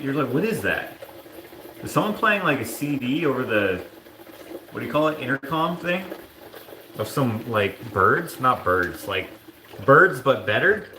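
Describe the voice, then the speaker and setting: Bright and forceful, a man from Canada hosts a live stream, chatting casually and reading viewers' comments with jokey asides. He rambles and mock-sings in a high voice; the echoey room carries a little hiss or hum.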